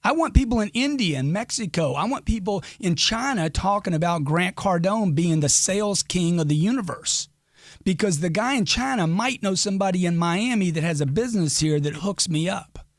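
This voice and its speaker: A man's voice: sits high, animated, moderate pace, dry recording, studio quality. A middle-aged man speaking as an interview guest, giving brash, emphatic, crude motivational talk. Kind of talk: podcast interview.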